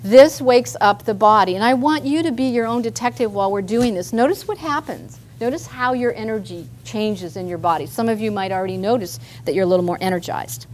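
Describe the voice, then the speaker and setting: A woman's voice: mid-range voice, a little fast, hardly any pauses, darkish tone, a little hiss or hum. A woman therapist leading a live group workshop, chatty and guiding people through simple movements. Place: meeting room with a group.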